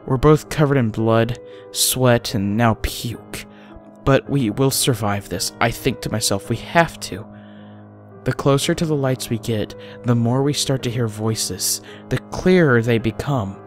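A man tells a first-person horror story in a mid-pitched voice. He often drops to a hushed, breathy tone at tense moments. Faint music plays underneath. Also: measured pace. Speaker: narrator.

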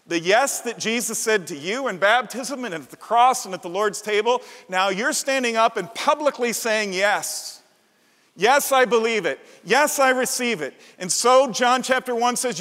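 High-voiced man preaching in a reverberant church. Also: normal speed, hardly any pauses, bright, forceful tone. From Midwestern United States. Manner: passionate, emphatic preaching with repeated phrases. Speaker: pastor. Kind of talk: sermon. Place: large church sanctuary. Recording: long church-hall reverb.

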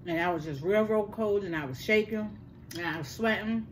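Older woman, casual storyteller, mid-pitched, faint room noise. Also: moderate pace. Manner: animated, repeats words for emphasis, addresses listeners as y'all. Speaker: host.

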